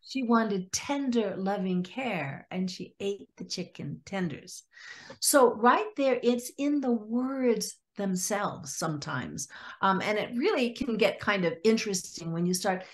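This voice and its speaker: A woman speaking as a guest psychologist on a podcast, at a middle pitch. She tells stories about clients and slips into their voices when she quotes them. The delivery is conversational and animated. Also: a little slow. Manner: acts out clients' lines in lively quoted voices. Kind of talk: storytelling in a podcast interview.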